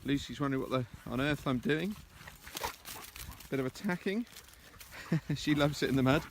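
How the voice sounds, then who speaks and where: A man's voice: medium pitch, expressive, normal speed, slight background noise. A man talking casually to camera as he walks outdoors in the countryside, coaching on presentations with a chatty, self-deprecating manner. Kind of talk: casual walking vlog.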